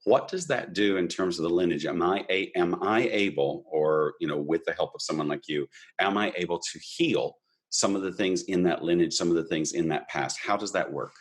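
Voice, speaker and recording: A male host with an extremely deep voice asks gentle, probing questions. He often pauses and restarts his phrasing as he works toward his point. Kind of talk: conversational interview.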